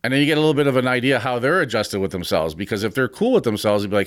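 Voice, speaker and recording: A man's voice: mid-range voice, animated, rapid-fire, dry recording, studio quality. A man in his fifties hosting a podcast, talking frankly and with some swearing about confidence and training. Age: 50s. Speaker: podcast host and gym owner. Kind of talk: casual podcast talk.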